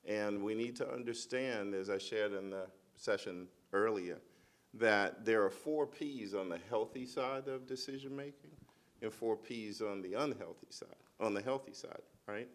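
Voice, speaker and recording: A man on a panel giving reflective advice in a measured way, repeating key lines for emphasis. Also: lowish voice.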